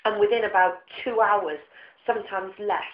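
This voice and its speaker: A woman co-hosting a casual podcast chat, talkative and quick to laugh. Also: medium pitch. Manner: chatty, laughs easily. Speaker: podcast co-host. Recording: roomy, dull lo-fi room sound.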